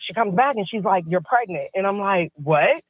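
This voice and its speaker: A woman's voice: medium pitch, moderate pace, dry recording. Woman telling a story over a tinny phone line. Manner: animated storytelling, acting out quotes. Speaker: caller. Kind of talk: telling a personal story on a call-in show.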